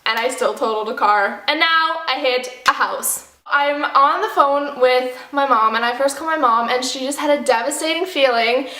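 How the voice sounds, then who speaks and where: High, bright young woman vlogger. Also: normal speed, roomy sound. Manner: animated and dramatic, acting out quotes. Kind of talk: storytime vlog.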